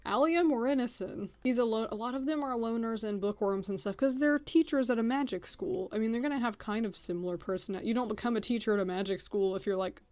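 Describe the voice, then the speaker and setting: A woman's voice: fairly high pitch, fast, hardly any pauses, darkish tone. A woman rambling in a casual, chatty way as she introduces her characters, full of filler words. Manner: chatty, lots of filler "like"s and laughs. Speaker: content creator.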